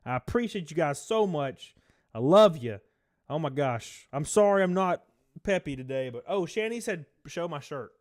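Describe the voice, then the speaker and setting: A man live streaming, chatting casually, swearing, laughing often and reading chat aloud in a low-key mood. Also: expressive, normal speed, no room sound, clean studio sound.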